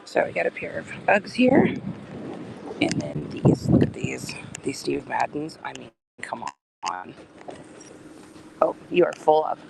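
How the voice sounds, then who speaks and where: A woman's voice: low-pitched, huge pitch swings, measured pace, gravelly, long pauses, heavy background noise. A woman hosting a casual live stream from outdoor garage sales, chatty and often dropping into a whisper. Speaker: livestream host.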